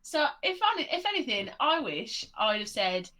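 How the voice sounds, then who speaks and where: A woman co-hosting a casual online chat, speaking slowly and deliberately. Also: a little high, sing-song, sharp tone. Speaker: podcast co-host.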